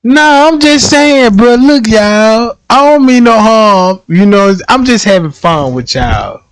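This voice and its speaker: Guy with a high voice on a stream, slow easy talk, keeps cracking up, dry close sound. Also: expressive, a bit bright, smooth, no echo. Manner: laughs often, acts out quoted dialogue in slangy talk. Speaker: livestream host. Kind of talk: casual livestream storytelling.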